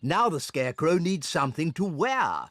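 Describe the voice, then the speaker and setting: A woman voicing a kindly old male pig grandfather in a children's cartoon, talking in a gentle, encouraging way. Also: low-pitched, sing-song, normal speed, over music. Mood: cheerful.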